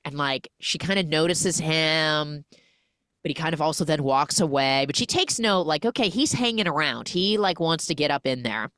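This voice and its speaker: A woman hosting a podcast, chatty and animated as she recaps a film and acts out the characters' lines. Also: deep voice, normal speed, no echo, clean studio sound. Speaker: podcast host.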